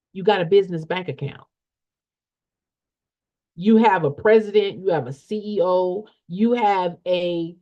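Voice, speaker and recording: A woman's voice: medium pitch, darkish tone. A woman coaching an audience on nonprofit funding, blunt and preachy, who repeats her points and asks rhetorical questions in folksy, slangy talk. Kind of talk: emphatic motivational teaching. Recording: dull lo-fi sound.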